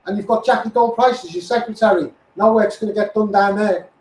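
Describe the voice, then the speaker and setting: A middle-aged man with a Liverpool accent and a high, strained voice delivers a furious street-campaigner rant. He swears freely and keeps hammering the same complaints. The sound is roomy and echoey. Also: steady tone, quick pace. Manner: blunt, sweary, heated and repetitive. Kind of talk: angry political rant.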